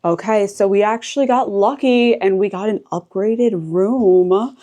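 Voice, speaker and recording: A woman's voice: medium pitch, unhurried, dark tone. A woman touring a resort on camera as a vlogger, chatting casually and exclaiming at what she sees while she walks through the rooms. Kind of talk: casual walk-through vlog narration. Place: indoor resort spaces while walking.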